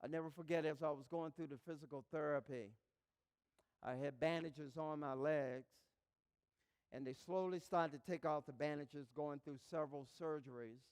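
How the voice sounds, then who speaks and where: A man with a high voice delivers a live motivational speech to an audience. He tells his story with passion, dropping to a hush and then swelling to a shout. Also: moderate pace, clean tone, big-room sound. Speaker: motivational speaker. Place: live event hall, in front of an audience.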